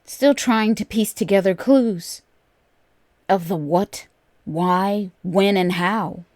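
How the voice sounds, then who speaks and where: Female narrator, scripted horror tale, unhurried measured delivery, medium pitch. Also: a little mellow, dry recording. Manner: measured, deliberate storytelling.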